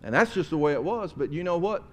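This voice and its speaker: A man, a pastor giving a conversational, folksy sermon to his congregation in a church, often dropping to soft, tender tones. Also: fairly high pitch, lively intonation, fast talker. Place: church sanctuary.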